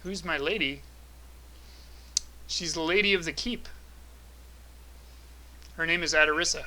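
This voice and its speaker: A man's voice: a little high, unhurried, pushed and bright, rough recording. A man playing a stiff, polite android envoy. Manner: stiff, formal, mechanical phrasing.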